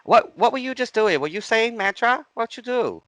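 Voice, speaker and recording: A man's voice: very high voice, lively intonation, normal speed, fairly bright tone, no echo, voice pushed up. A man voicing a pushy woman stranger who questions in clipped, broken English. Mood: insistent.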